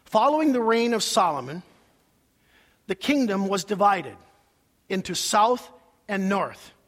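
High-voiced man preaching in reverberant hall. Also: expressive, a little slow. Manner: sings hymn lines, drops to hushed near-whispers, rises to shouts. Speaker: pastor. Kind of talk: sermon.

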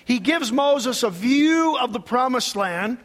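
A man's voice: very high-pitched, expressive, slow, a bit bright, in a large hall. A male pastor preaching a sermon, emphatic and preacherly, leading his congregation in call-and-response.

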